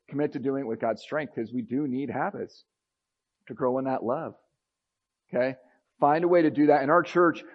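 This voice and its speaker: A man preaching a sermon as pastor, swinging from fired-up, emphatic passages to soft, quiet reflection. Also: medium pitch, dull audio.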